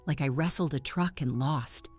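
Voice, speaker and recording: A frail, hoarse young woman speaking in a weak near-whisper from a hospital bed, as a woman narrator voices her. The voice is faint and lowish, with soft music behind it. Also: moderate pace.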